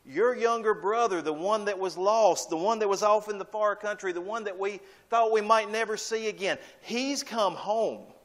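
A man's voice: sits high, normal speed, few pauses, voice pushed up, lightly acted. A man voicing an eager male servant breathlessly telling the news. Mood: excited.

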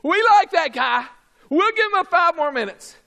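A pastor preaching a sermon, swinging between shouted peaks and low quiet asides, joking and calling for responses from the congregation. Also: male voice, lively intonation, normal speed, vocal fry. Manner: humorous, calls for audience response.

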